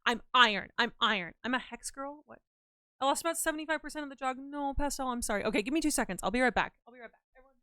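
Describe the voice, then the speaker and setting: Chatty young woman streamer, bright pitch. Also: rapid-fire, no room sound, clean studio sound. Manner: chatty, playful, rambling. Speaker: livestreamer. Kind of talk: casual chat with live viewers.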